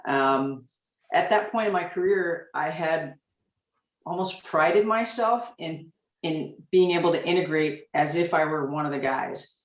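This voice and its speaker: Woman in her forties, police officer, candid and reflective, pauses with um, roomy echo. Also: deep voice, distant mic. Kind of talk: panel discussion storytelling.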